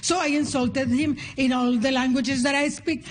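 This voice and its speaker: A Nicaraguan woman with a Spanish accent performing a lively stand-up comedy set on stage, playful and punchy. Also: high-pitched, a little slow. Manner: animated, playful, chants and shouts punchlines. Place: comedy stage before a live audience.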